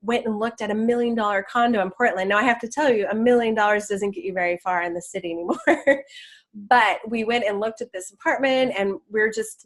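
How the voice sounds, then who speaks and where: A woman's voice: on the high side, a little fast. A woman teaching law of attraction in a casual, enthusiastic talk, chatty with many restarts.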